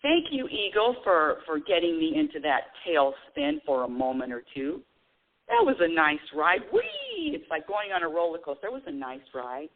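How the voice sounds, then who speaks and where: Middle-aged woman, radio host, spiritual call-in talk, lively swooping pitch, tinny phone-line sound. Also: normal speed. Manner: animated, laughing often, quoting herself dramatically.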